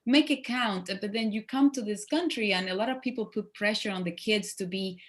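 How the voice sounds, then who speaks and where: A woman in her forties talks through an interview in English with a clear Spanish accent. She is animated, laughing often and slipping into playful acted-out quotes. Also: mid-range voice, brisk. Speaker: guest actress. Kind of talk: casual interview chat.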